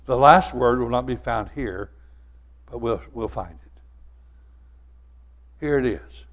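An older man preaching a sermon, telling folksy stories and swinging from loud to soft. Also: mid-range voice, slow pace. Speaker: pastor.

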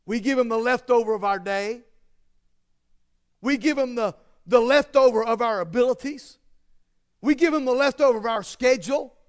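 A man's voice: extremely high pitch, normal speed, long pauses, clear, resonant tone. A man preaching a sermon, emphatic and repetitive, driving home his points with strings of rhetorical questions.

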